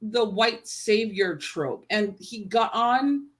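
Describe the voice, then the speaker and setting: A woman's voice: mid-range voice, slow pace. A woman co-hosting a casual livestream chat, enthusiastic and swearing casually, with lots of "like" fillers. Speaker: co-host. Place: home, live stream.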